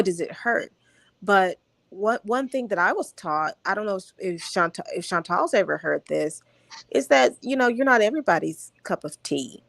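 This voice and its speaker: Female panelist, casual commentary, thoughtful and searching, mid-pitched, dry close sound. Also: vocal fry, no room sound. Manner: reflective, searches for words aloud.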